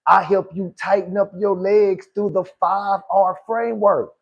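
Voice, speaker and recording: A man with a husky, slightly breathy voice pitched on the high side delivers a motivational talk. He preaches in loose, informal speech and circles back to repeat his points so they land. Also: steady tone, unhurried, highs cut off. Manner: preachy, repeats lines for emphasis, calls listeners "good people". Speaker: podcast host and life coach.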